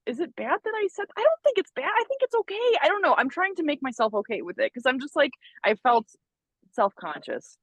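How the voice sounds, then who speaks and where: A young adult woman co-hosts a podcast, animatedly telling stories in casual chat, with frequent laughs and self-deprecating asides. Her high-pitched voice is sing-song, brisk and fairly bright, with no echo.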